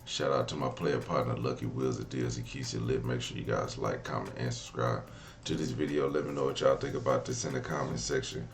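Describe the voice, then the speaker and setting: A man hosting his channel, giving shout-outs and sponsor plugs in a hyped, slangy, loose way. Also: very deep voice, steady tone, fairly quick, creaky, a little hiss or hum. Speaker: channel host.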